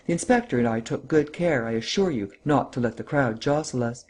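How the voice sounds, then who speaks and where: A man's voice: medium pitch, a little fast, darkish tone, lightly acted. A man voicing a bewildered, meek husband in a storybook reading, stammering and moaning. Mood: mild.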